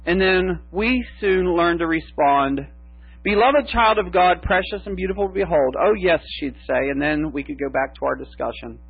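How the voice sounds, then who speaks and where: A man preaching a sermon as pastor, slow and emphatic with long pauses. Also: sits high, creaky, husky, no room sound. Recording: tinny phone-like sound with mains hum.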